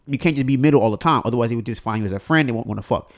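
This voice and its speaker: On his own solo podcast, a man with an everyday middle-range pitch rambles loosely, full of fillers and restarts, and his talk races. He swears freely and slips into quoted voices to act out phone calls.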